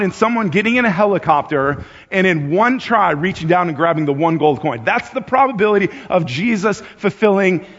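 A man with a high voice delivers a sermon in a loose, conversational manner, repeating words as he thinks aloud. He lifts his voice when acting out urgent appeals. The recording is dull and muffled, with a long reverb from a large church hall. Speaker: pastor.

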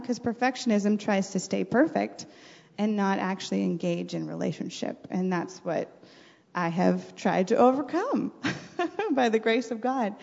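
Middle-aged mom, fry-laden and mellow, earnest faith storyteller; dull, reverberant recording. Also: female voice, medium pitch, a little slow. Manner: earnest, faith-centered, animated when retelling. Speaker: mother and podcast guest. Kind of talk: reflective personal storytelling.

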